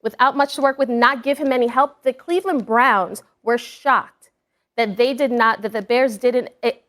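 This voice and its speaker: Female sports analyst, a touch high-voiced, firm and emphatic. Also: fairly bright tone. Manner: firm, emphatic, deliberate points. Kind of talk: sports debate.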